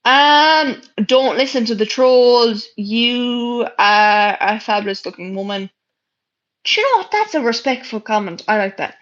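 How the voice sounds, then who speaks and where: Chatting casually on her stream, a young woman from Ireland reacts to viewer comments with blunt, sarcastic, sweary replies. She sounds animated and unhurried, with a fairly high, fairly bright voice, though the lo-fi audio is dull.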